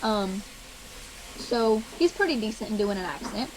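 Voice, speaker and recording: A woman from South Louisiana with a Cajun accent, explaining accents in a relaxed, hesitant way with many ums. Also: mid-range voice, normal speed, slight background noise, low-quality recording. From South Louisiana, USA. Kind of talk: casual explanatory monologue. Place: played from another recording.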